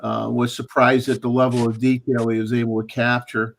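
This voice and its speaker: A man's voice: medium pitch, brisk, vocal fry. A man hosting a photography livestream, chatting casually and reading out viewer photo details. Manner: relaxed, chatty, reads out camera settings. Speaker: livestream host. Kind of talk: casual chat.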